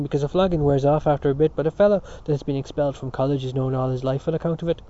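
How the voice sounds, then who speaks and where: A man's voice: a little high, steady tone, very fast, mellow, muffled recording. A man reading a novel aloud as scripted narration, with a few slips and restarts. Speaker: audiobook reader.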